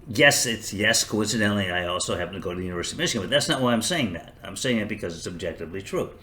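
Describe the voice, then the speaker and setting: A man's voice: fairly low pitch, animated, rapid-fire, pushed and bright. An older man hosting a podcast, talking in a sarcastic, rambling, self-mocking way in a casual comedic monologue. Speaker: podcast host.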